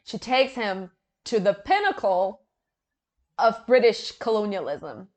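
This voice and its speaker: A woman's voice: mid-range voice, slow pace. A woman reviewing a book, reading passages aloud and breaking into sarcastic, profane rants. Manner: sarcastic, swears freely, swings from flat reading to loud outbursts.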